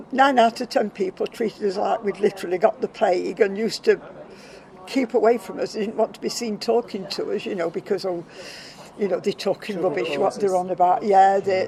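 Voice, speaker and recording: A woman's voice: medium pitch, darkish tone, low-quality recording. An older woman speaking as an interview guest, candid and emotional, often trailing off with repeated 'and'. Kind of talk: emotional personal storytelling.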